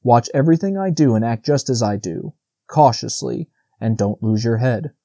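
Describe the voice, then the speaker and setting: A man voicing a wise old male stag in a storybook, speaking slowly and firmly. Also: mid-range voice, lively intonation, creaky, dark tone, dry recording. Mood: grave commanding. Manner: firm, slow, commanding.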